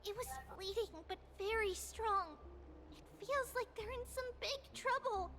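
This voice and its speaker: A gentle young mystic in a video game, with a very high, light voice. She speaks softly and earnestly, in measured phrases. A clear layer of ambient game sound runs behind her. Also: a little hiss or hum. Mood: worried. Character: calm young female mystic sensing distant danger. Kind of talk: game character dialogue.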